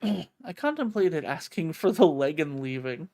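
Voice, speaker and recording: A woman reading a visual novel aloud, an expressive reader who breaks off to swear and joke, on a close mic. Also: low voice, measured pace, no room sound. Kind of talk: reading a game's narration aloud with live reactions.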